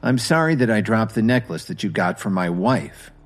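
A man voicing a calm, quietly confident husband who speaks evenly. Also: fairly low pitch, soft background music, close to an everyday voice. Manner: calm, measured.

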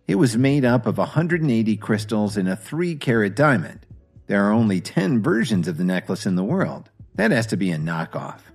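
A man voicing an arrogant, jealous rich man who shouts and taunts. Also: on the low side, very animated, normal speed, slightly rough, faint music behind, full character voice. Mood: scoffing.

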